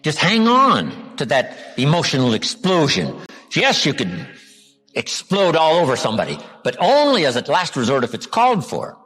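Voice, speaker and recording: An older American man with a husky voice lectures at a live seminar, his pitch rising and falling with lively expression. He asks the crowd rhetorical questions and stretches key words slowly for emphasis. The recording carries the long echo of a large hall. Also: faint music behind. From United States. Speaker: motivational speaker.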